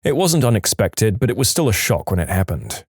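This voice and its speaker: A man narrating reader-submitted stories in an animated storytelling manner. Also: lowish voice, fairly quick, breathy edge, no room sound, clean studio sound. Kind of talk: scripted narration.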